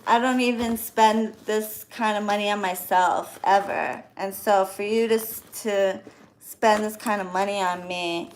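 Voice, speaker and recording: A woman's voice: medium pitch, a little hiss or hum. A woman in her thirties chatting to her viewers while opening birthday gifts, gushing with thanks. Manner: effusive, grateful, gushing. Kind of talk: casual chat to viewers.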